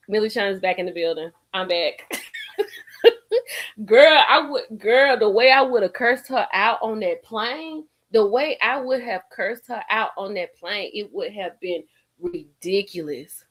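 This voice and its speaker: A woman's voice: mid-range voice, a little slow. Lady on a livestream going off, sassy and cussing, laughing a lot, kinda tipsy. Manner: animated, sassy and profane, laughs often. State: a little tipsy from drinking. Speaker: livestream host. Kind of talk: casual live-stream commentary.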